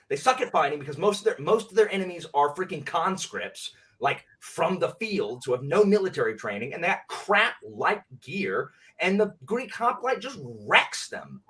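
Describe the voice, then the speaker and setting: A man hosting a livestream, talking in a heated, animated rant full of slang in casual chat. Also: sits high, moderate pace, husky. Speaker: livestream host. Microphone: clip-on mic. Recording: distant from the mic.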